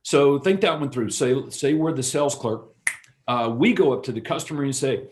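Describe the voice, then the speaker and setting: A man's voice: medium pitch, animated, normal speed, a little mellow, a little hiss or hum. A man co-presenting an online real estate seminar, teaching casually and acting out short shop dialogues. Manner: casual, storytelling, acts out little dialogues. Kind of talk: conversational teaching with role-play examples.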